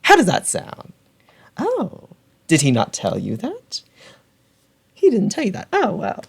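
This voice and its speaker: A man's voice: high voice, huge pitch swings, measured pace, gravelly, slightly rough, voice pushed up, exaggerated voice. A man voicing a campy, teasing magical creature who talks in a singsong way and keeps calling the listener honey. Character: sassy, campy magical creature summoned like a demon.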